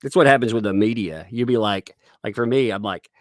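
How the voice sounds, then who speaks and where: A man's voice: lowish voice, brisk, dry recording, clean studio sound. A man giving rambling, sarcastic live-stream commentary, joking and laughing as he talks. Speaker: livestream commentator.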